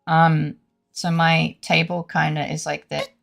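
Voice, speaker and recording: A young British woman streams live with a headache, rambling and greeting her chat often, full of fillers and restarts. Her voice sits low, creaky and a bit bright, with flat delivery at a measured pace, over soft background music.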